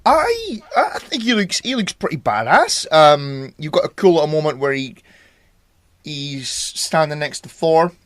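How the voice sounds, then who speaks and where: A man's voice: fairly high pitch, big pitch swings, unhurried, fairly bright tone, no echo. A man hosting a casual podcast chat, leading the talk and swearing freely.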